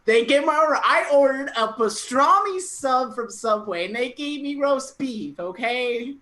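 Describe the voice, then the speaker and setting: A young woman hosts an online comedy show over a computer mic on a video call, cracking puns and laughing at her own jokes in casual stand-up style. Her high voice is lively, pushed, and bright at a measured pace, and the recording is rough.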